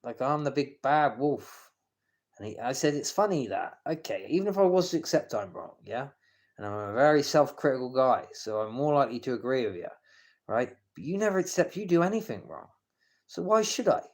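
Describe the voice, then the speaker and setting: A man rambles through a live-stream rant at an average pitch for a man. He trips over his words, repeats himself and starts sentences again, and he turns coarse and confrontational, swearing at people by name. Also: sing-song, a little fast.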